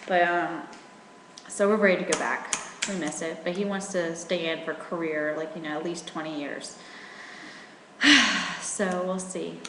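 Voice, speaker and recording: A woman's voice: on the low side, echoey room, big-room sound, noisy background. A young woman from rural in her twenties, chatting casually in a rambling vlog at home with lots of fillers. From rural Virginia. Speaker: vlogger.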